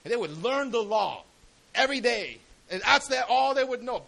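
A man's voice: extremely high pitch, expressive, moderate pace, creaky, pushed and bright, poor audio. A man preaching a sermon in a casual, slangy way, often asking the congregation questions.

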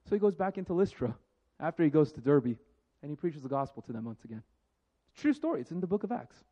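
A man preaching a sermon with jokes, moving between lively storytelling and hushed, slow reflection. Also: fairly high pitch. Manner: animated and joking, then hushed and reflective. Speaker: pastor. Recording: dull lo-fi sound.

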